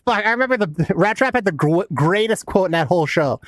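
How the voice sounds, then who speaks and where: A man's voice: sits high, lively intonation, fast, a bit bright, dry recording. A man in his thirties giving casual, laid-back gameplay commentary as a streamer, swearing a lot and laughing often. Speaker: game streamer.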